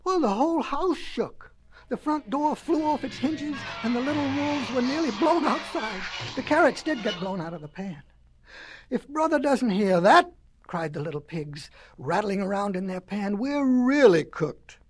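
A woman reading a children's story aloud in an expressive, folksy way. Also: on the high side, moderate pace, breathy edge.

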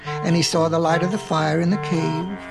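A man reading a storybook aloud in a slow, rhythmic way, lingering on repeated phrases. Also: fairly high pitch, fairly even intonation, creaky, music in the background, poor audio.

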